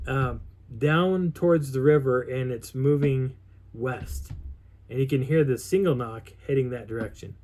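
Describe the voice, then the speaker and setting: A middle-aged man tells a long story in a loose, rambling way. He often restarts his sentences and slips into quoting people, and his voice sits at an ordinary middle pitch. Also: darkish tone, slight background noise. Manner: rambling, with many restarts and quoted dialogue. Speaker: vlogger recounting an outdoor experience. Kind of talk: casual storytelling.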